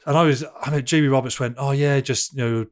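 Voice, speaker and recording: A man in his thirties chats as a podcast guest and tells stories at an even, mid-range pitch. He talks in an animated way, drops swear words freely and often laughs through his lines. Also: fast. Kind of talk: casual anecdotal storytelling.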